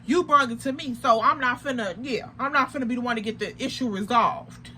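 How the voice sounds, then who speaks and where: A young adult woman telling a personal story to her viewers, casual and animated, full of slang and emphatic asides. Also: on the high side, brisk, slight background noise. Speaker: vlogger.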